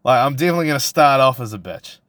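A man's voice: mid-range voice, lively intonation, very fast, a bit bright, dry recording, clean studio sound. A young man with a New Zealand accent hosting a solo podcast, ranting in a crude, profane, provocative way with lots of restarts. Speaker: podcast host. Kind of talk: casual solo podcast rant.

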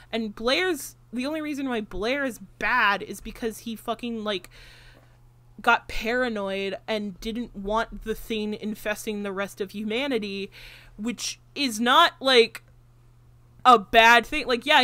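A woman's voice: fairly high pitch, dry recording. A woman hosting a podcast in casual chat, rambling through a film's scenes with constant fillers and frequent swearing. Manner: animated retelling of film scenes. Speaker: podcast host.

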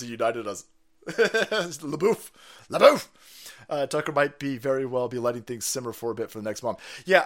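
A man's voice: medium pitch, fairly bright tone. A middle-aged man hosting a political livestream, ranting in a combative, profane way and laughing often. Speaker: livestream host.

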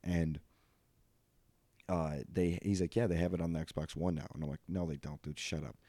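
Low, mellow-voiced young man rambling. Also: steady tone, normal speed, no echo. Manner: rambling, self-deprecating, filler-heavy. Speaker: podcast host. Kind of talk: casual podcast monologue.

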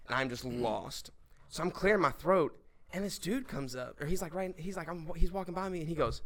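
A young man, a podcast guest, telling a story in casual chat, animated and swearing, laughing as he goes. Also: fairly high pitch, fairly quick, a crowd in the background. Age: young adult.

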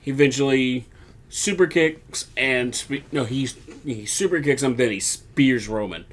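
A man's voice: medium pitch, unhurried. A young man co-hosting a podcast, recapping events in casual chat and acting out other people's lines as he tells the story. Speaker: podcast co-host.

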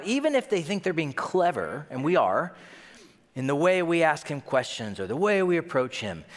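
A young man preaching a sermon, animated and playful, telling stories and acting out voices. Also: mid-range voice. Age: young adult. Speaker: pastor. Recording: long hall reverb.

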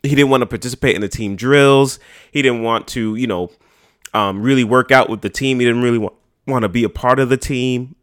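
A man's voice: medium pitch, fairly quick, clear, resonant tone. A man hosts a podcast in loose, casual chat. He rambles through his points with plenty of slang and swearing, and his voice sits in a mid register. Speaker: podcast host.

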